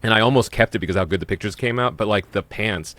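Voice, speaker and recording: A man's voice: on the low side, fast talker, fairly bright tone, no room sound. A man hosting an interview, speaking in a loose, chatty way with plenty of fillers. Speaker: podcast host. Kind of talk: casual interview chat.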